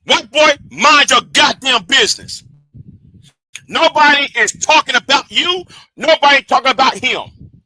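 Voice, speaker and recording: Pushed and bright, this very high male voice moves a little slowly as the streamer angrily swears at a rival he confronts directly. There's no room sound, and the recording from his streaming setup is rough.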